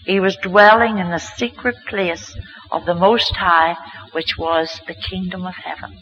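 A woman tells a religious testimony in an earnest, heartfelt way, her voice bright and forward. The recording is dull and lo-fi, with a faint hiss of noise underneath. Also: on the low side, steady tone, measured pace. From Northern Ireland. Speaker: mother giving a testimony.

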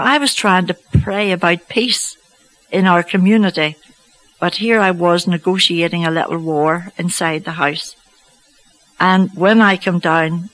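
A woman telling a personal faith story to an audience, slow and reflective with gentle humour. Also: fairly low pitch, low-quality recording. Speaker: speaker giving a faith testimony.

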